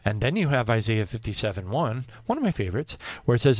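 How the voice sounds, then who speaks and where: Bible teacher, man, lively swooping delivery, dry close sound, restarts a lot, medium pitch. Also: fast talker, few pauses, dry recording. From Pennsylvania, US. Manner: animated, stumbling restarts, acts out quotes. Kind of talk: informal Bible teaching on prophecy.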